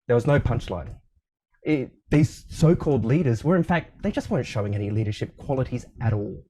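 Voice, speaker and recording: An Australian man with a mellow, warm-leaning tone speaks as a guest in a casual interview. He tells his stories at an easy pace, pausing with ums and restarting his sentences, and sounds like he is on a video call. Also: mid-range voice, slightly rough. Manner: relaxed, storytelling, with frequent ums and restarts. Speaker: leadership coach, guest.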